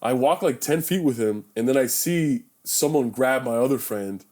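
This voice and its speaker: A young man hosting a podcast, telling a story casually, acting out quotes loudly and swearing freely, recorded in a bedroom. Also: mid-range voice, lively intonation, normal speed. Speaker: podcast host.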